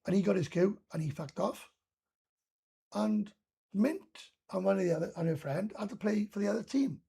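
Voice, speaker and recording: A man's voice: high-pitched, moderate pace, vocal fry, warm tone, breathy edge. A Welsh man from Wales doing a casual live stream chat, rambling and ranting with heavy swearing.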